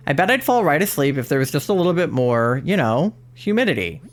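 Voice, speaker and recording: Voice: medium pitch, very animated, fairly quick, natural voice. A streamer voicing a sleepy, easygoing Pokémon while reading game dialogue aloud. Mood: drowsy.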